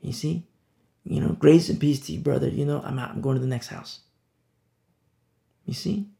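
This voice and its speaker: A man's voice: on the high side, moderate pace, vocal fry, warm tone. A man preaching an informal sermon, talking conversationally and acting out little scenes. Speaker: pastor. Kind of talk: informal sermon on a Bible passage.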